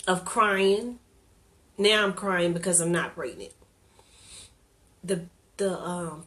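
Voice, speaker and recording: A woman's voice: lowish voice, fairly bright tone. A woman sharing a personal testimony in candid, conversational storytelling, earnest and openly emotional.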